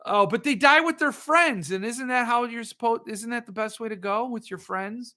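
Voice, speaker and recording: A man hosting a casual monologue, rambling and animated with excitable outbursts. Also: extremely high pitch, unhurried. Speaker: host.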